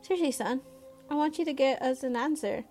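A woman's voice: sits high, fairly quick, a little mellow, soft background music, natural voice. A woman reading the lines of a good-humored father in a dry, matter-of-fact way. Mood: firm. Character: good-humored dad, firm but joking.

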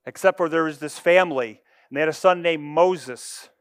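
A man preaching a sermon, with expressive delivery that moves from loud emphasis to hushed asides. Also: on the high side, normal speed, clean tone, no echo, studio quality. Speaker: pastor.

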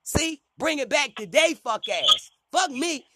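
A man's voice: very high-pitched, wildly swooping pitch, measured pace, background noise. A man hosting a talk radio show, ranting in a heated, profane way and stumbling over repeated words as he gets worked up.

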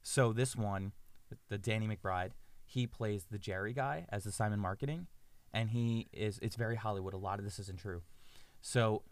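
A man co-hosting a podcast, telling a story in an animated way with quick asides. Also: on the low side, no room sound. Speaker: podcast co-host. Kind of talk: casual chat.

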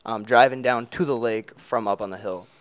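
A laid-back young man, co-hosting a podcast. He talks in an easygoing, enthusiastic way. His voice has an ordinary pitch. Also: normal speed, clear, resonant tone. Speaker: podcast co-host. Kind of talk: casual chat between roommates.

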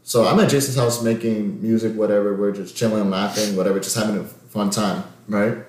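A young man with a lowish voice tells a story in loose, profane street slang, full of "like" and "bro", as he hosts a casual podcast. The room around him is echoey and open. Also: fairly even intonation, brisk, a little mellow, a little hiss or hum.

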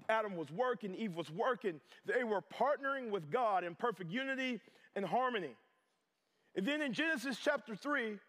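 A man preaching a sermon as a pastor, animated and joking, acting out little voices as he goes. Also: sits high. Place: chapel.

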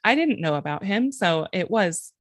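A woman's voice: mid-range voice, very animated, moderate pace, dry recording, studio quality. A woman co-hosting a casual film review chat, agreeing with her partner and adding short, easygoing thoughts. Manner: agreeable, short backchannels, soft follow-up remarks. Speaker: podcast co-host.

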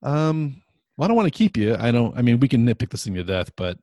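A man hosting a casual podcast chat, rambling with lots of fillers and quick laughs. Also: medium pitch, very animated, dark tone, dry recording, clean studio sound. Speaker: podcast host.

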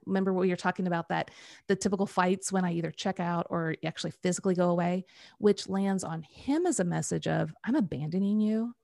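A middle-aged woman coaching on the Enneagram, telling animated personal stories and acting out what people said. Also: lowish voice, vocal fry, dry recording, studio quality. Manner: animated storytelling, acts out quoted voices. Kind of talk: conversational podcast talk.

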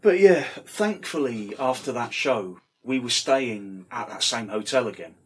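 Guy rambling thru a story, husky voice, swears a lot. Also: medium pitch, animated, measured pace. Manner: swears casually, rambling with fillers. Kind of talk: casual anecdote.

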